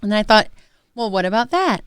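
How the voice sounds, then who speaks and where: A woman's voice: medium pitch, very animated, brisk, a bit bright, smooth, no room sound, clean studio sound. A woman in casual podcast conversation, chatty and fond of imitating accents. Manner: chatty, drops into mimicked accents. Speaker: podcast co-host.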